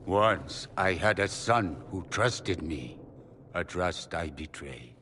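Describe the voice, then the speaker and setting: A deep-voiced, remorseful old magister. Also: male voice, expressive, sharp tone, slight background noise, heavily acted. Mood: pleading. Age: older. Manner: pleading, measured, apologetic. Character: remorseful aging male magister, a stern father. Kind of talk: game character dialogue.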